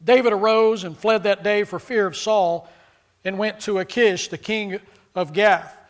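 Man, preacher, high-pitched voice, fervent sermon, loud emphatic peaks, acted-out quotes. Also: steady tone, unhurried. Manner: fervent, rises to loud emphatic peaks then drops low; acts out scripture characters in quoted voices.

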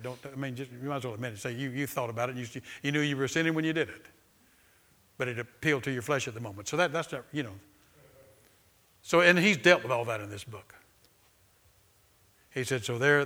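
A man's voice: medium pitch, a little fast, long pauses, sharp tone. A male pastor preaching a sermon. He moves between reading passages aloud from a book and talking informally to the congregation, asking them questions and having them repeat a line back. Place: church sanctuary with a live congregation.

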